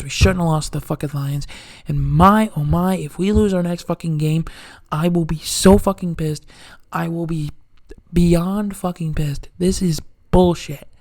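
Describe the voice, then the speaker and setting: A man's voice: fairly high pitch, mellow, dry recording. A man in a heated, profane rant about his football team, swearing nonstop. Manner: angry, swearing constantly, ranting. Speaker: sports fan commentator.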